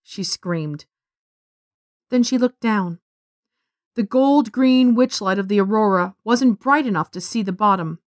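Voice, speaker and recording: A woman reading a science fiction story aloud as narrator, in a steady storytelling voice on a close studio mic. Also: medium pitch, moderate pace, no room sound. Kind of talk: scripted narration.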